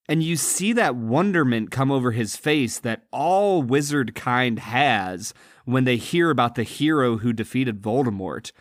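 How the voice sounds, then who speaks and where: A man co-hosting a film podcast, retelling movie scenes in an earnest, animated casual chat. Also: mid-range voice, moderate pace, no room sound, clean studio sound. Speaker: podcast co-host.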